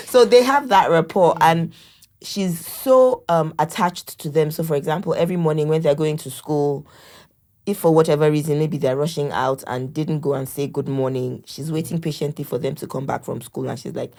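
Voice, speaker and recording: A woman's voice: low-pitched, steady tone, normal speed. A middle-aged woman, a podcast guest, telling family stories in casual conversation. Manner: warm storytelling, acts out family members' lines.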